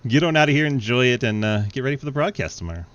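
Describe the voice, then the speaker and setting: A young man calling an online sim race on a headset, excitable and quick to laugh, then chatting casually with the drivers. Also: mid-range voice, lo-fi sound. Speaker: race commentator and host. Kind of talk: sim racing play-by-play commentary.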